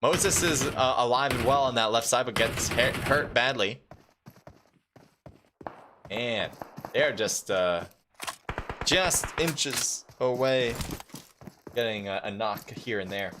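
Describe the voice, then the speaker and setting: A man doing live esports commentary on a mobile battle royale match, calm and explanatory, with loud excited bursts at big plays. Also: medium pitch, takes it slowly, pauses often, background noise. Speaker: esports caster.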